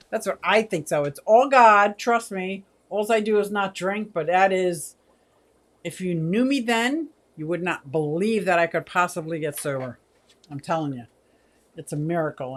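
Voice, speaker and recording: A woman in her sixties hosting a casual livestream, chatty, laughing often and reading viewer comments aloud. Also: mid-range voice. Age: 60s. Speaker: aquarium channel host.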